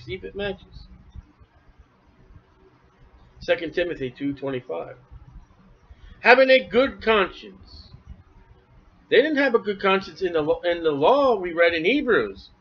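A man preaching through scripture verse by verse, animated, with quick asides to the congregation and acted-out voices. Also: sits high. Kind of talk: expository sermon. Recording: dull lo-fi church recording.

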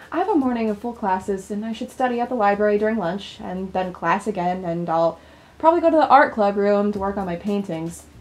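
A woman's voice: medium pitch, fairly quick, close to an everyday voice. A woman reading the part of an overworked young female college student, in a plain, subdued way. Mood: weary. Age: young adult. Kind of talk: reading game dialogue aloud.

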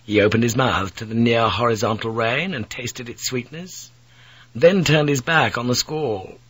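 A man narrating an audiobook in a measured, dramatic storytelling manner. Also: medium pitch, a bit bright, breathy edge, no room sound, low-quality recording.

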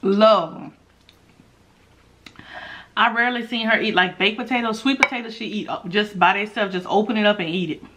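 A woman of medium pitch and moderate pace, with long pauses, hosts a relaxed mukbang with slight background noise. She hums as she tastes things and chats warmly with the people watching.

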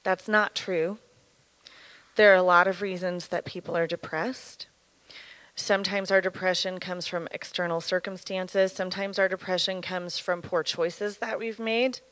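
Woman in her 30s sharing her story at church, earnest and candid, mid pitch, dry close sound. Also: fairly bright tone, dry recording, rough recording. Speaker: church speaker. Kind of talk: personal testimony in a sermon.

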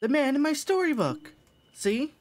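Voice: very animated, moderate pace, darkish tone. A streamer putting on the voice of a small, frightened little boy who pleads with his mother. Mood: scared pleading. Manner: squeaky, pleading.

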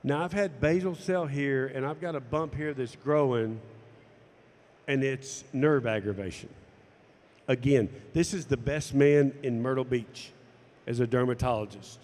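A man's voice: mid-range voice, measured pace, darkish tone, long reverb tail. A man telling a personal story to camera, acting out the dialogue as he goes. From United States. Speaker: golf instructor and former tour pro.

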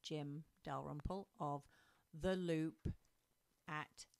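Lower-pitched woman co-hosting. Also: fairly even intonation, vocal fry, a little mellow. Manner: teasing, laughs often, brisk and matter-of-fact. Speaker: co-host. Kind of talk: casual chat.

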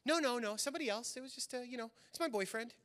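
A man voicing a flustered young woman caught out on a date with someone else, in a high, light falsetto. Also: fast talker, a bit bright, big-room sound.

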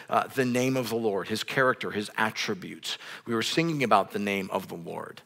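A male pastor preaching a sermon in a casual, conversational way, with many restarts, growing louder and higher when stirred up. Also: moderate pace, vocal fry, hardly any pauses. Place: church sanctuary, on a raised stage.

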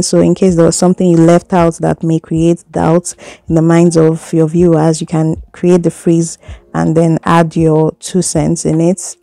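Gravelly low-voiced woman explaining app tools. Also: mellow, dry recording. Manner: chatty step-by-step explaining, little laughs. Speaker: video editing tutor. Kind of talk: casual screen tutorial. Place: indoors, seated at home.

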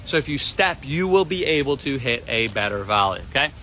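A man teaching a tennis lesson on a live stream from an outdoor court, energetic and repetitive, often asking "right?". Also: medium pitch, a little fast, slight background noise. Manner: energetic, repeats himself, keeps asking "right?". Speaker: tennis coach.

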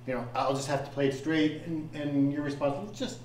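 A man's voice: a little high, little pitch movement, brisk, a little mellow, a little hiss or hum. A man, an actor guest, chatting casually and animatedly, acting out his own past reactions as he tells stories. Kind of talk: casual chat. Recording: echoey room, distant mic.

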